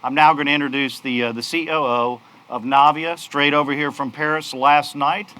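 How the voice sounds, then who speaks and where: Bright-voiced man giving a launch speech. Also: on the high side, fairly even intonation, moderate pace, clean tone. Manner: upbeat, polished, with frequent uh fillers. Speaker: company executive speaking at a launch. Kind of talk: press conference speech. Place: outdoor launch event.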